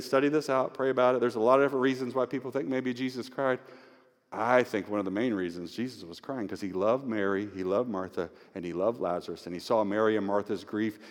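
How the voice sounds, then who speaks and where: A male pastor preaching an Easter sermon with scripture reading, emotional and swinging from hushed tones to near-shouting. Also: on the low side. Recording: long hall reverb.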